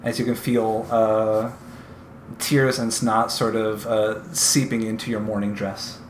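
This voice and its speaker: A man running a tabletop game as game master, narrating in a halting way with many fillers. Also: on the low side, level tone, roomy sound, slight background noise.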